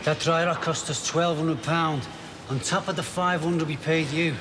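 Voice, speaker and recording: An actor playing a harried, defensive shop steward with a curt manner. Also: male voice, fairly high pitch, fairly even intonation, normal speed, natural voice. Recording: TV drama with clear background noise.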